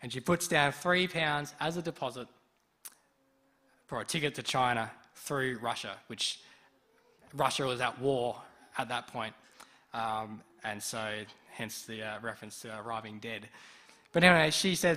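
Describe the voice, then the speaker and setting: A man preaching a sermon, telling a story in a lively way and acting out the people in it. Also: medium pitch, normal speed. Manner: lively storyteller who acts out quoted speech.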